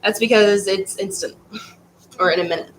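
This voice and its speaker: A woman's voice: mid-range voice, steady tone, normal speed, slight background noise, low-quality recording. A woman teaching a history class in a casual, rambling way, stumbling over words and restarting.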